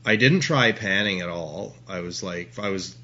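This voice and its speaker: A man's voice: low voice, normal speed, sharp tone. Profane man rambling, muffled. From Ontario, Canada. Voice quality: profane, rambling, lots of restarts. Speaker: guest. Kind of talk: casual storytelling.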